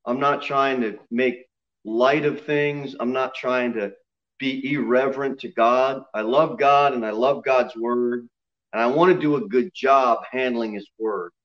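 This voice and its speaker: A man's voice: mid-range voice, steady tone, a little slow, a bit bright, muffled recording. A male pastor preaching a sermon to his church, joking and self-deprecating, often repeating himself. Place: church sanctuary.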